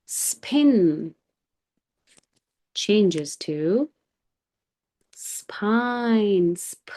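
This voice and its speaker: A woman's voice: medium pitch, animated, drawn-out words, dark tone. A woman teaching a children's phonics lesson, explaining patiently and telling it as a story.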